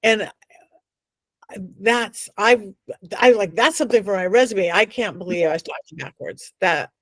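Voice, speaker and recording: A middle-aged woman appears as a psychic medium guest in an interview, telling dramatic stories in an animated way and acting out the voices of the people she quotes. Her voice is medium-pitched at normal speed, in a dry recording.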